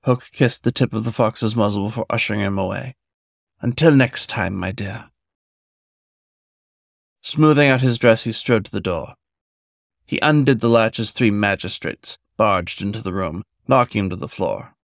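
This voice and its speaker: Man with a gravelly low reading voice. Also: no room sound, clean studio sound. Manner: measured storytelling. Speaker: narrator. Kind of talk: scripted story narration.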